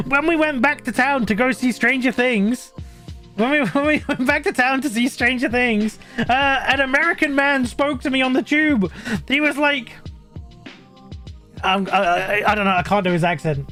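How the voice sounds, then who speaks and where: A man's voice: very high-pitched, normal speed, pushed and bright, soft background music. A British man streaming live, telling a story in casual chat, rambling with lots of fillers and restarts and laughing often. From Britain. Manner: laughs often mid-sentence.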